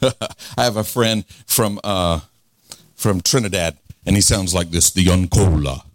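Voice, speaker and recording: Male preacher in his forties, low-pitched and fervent, playful with laughs, dry recording. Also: a little slow, no echo. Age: 40s. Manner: fervent, call-and-response, laughs often. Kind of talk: revival sermon.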